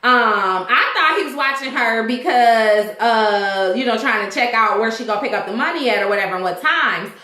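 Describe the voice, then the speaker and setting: A woman's voice: on the high side, moderate pace, few pauses, sharp tone, reverberant. A woman recapping a TV episode in a rambling, chatty way. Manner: rambling, chatty, acts out characters' lines. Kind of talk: casual recap chat.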